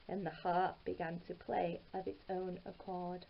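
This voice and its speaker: A woman's voice: lowish voice, level tone, creaky, lo-fi sound. A woman narrating a fairy tale aloud in a careful storybook reading. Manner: slow, careful read-aloud delivery.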